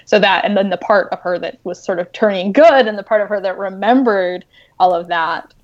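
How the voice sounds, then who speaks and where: Woman writer chatting about her books, gets excited, lots of ums, kinda muffled lo-fi audio. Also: mid-range voice, brisk. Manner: animated, excited storytelling with many fillers. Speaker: novelist. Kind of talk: casual podcast chat.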